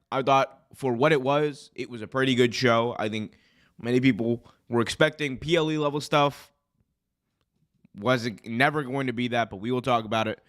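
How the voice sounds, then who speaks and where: A young man who is hoarse from being sick, hosting a live wrestling commentary stream in a chatty, rambling way that often corrects itself. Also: medium pitch, fairly bright tone. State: hoarse, recovering from illness. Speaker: wrestling show host.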